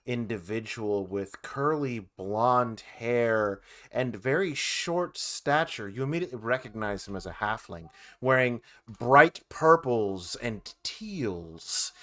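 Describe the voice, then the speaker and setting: A man narrating as game master in a tabletop game, describing the scene in a relaxed way. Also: mid-range voice.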